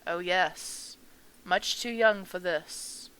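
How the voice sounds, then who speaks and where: A frail old mother mourning at a funeral in a visual novel game, voiced by a woman, soft and trembling. She speaks slowly, in a smooth, slightly low voice that lingers on each word. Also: low-quality recording. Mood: sorrowful. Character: grieving elderly mother at a funeral, gentle.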